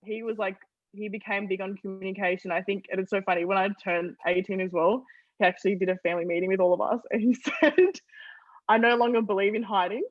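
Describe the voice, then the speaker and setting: A young woman from Australia, a guest on an interview podcast, telling family stories in an animated way and laughing often. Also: mid-range voice, fast talker, no echo, highs cut off. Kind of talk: casual storytelling interview.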